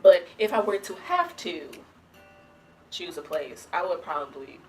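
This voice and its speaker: Chatty young woman vlogger, lowish voice. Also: expressive, measured pace, soft background music. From Southern United States. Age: young adult. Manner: chatty and rambling, full of "like" and restarts. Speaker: vlogger answering viewer questions. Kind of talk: casual Q&A vlog.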